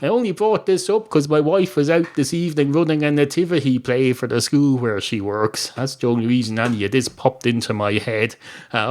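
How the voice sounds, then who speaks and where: Irish male podcast host, rambling comic monologue, self-deprecating. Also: medium pitch. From Ireland. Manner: self-deprecating, digressive, chatty.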